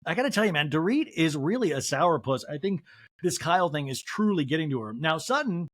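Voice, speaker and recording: A man's voice: fairly high pitch, expressive, fairly quick, dry recording, studio quality. A man hosting a podcast, recapping reality TV with snarky, joking asides. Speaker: podcast host. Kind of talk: comedic TV recap.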